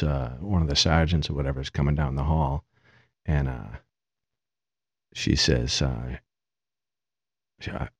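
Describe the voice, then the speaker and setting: A man's voice: a bass voice, warm tone, dry recording. A middle-aged man, a podcast host, tells a rambling, amused story about himself in a casual way. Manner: amused, rambling, self-mocking. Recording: dull, dry lo-fi sound.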